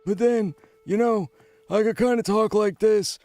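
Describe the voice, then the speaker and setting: A man voicing an elderly gentleman who has been around, with a drawling, rambling delivery. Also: high-pitched, measured pace, pitched above the performer's own voice. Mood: reminiscing. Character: old man, worn and experienced.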